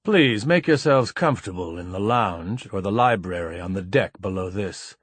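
A man voicing a composed male diplomat who speaks in a measured, formal way in an audiobook reading. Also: deep voice, expressive, slightly rough, no room sound. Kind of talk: audiobook character voice.

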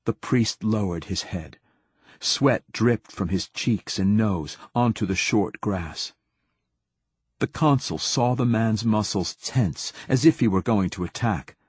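A male audiobook narrator telling the story in a very slow, steady way. His voice is low and husky, and the recording is dry and close. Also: no room sound. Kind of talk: scripted narration.

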